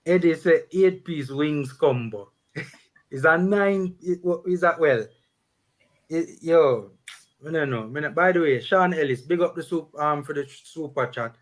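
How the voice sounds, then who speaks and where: A man with a Jamaican accent hosting a sports vlog, talking in casual, animated Patois-laced banter. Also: on the high side, unhurried. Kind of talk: casual chat.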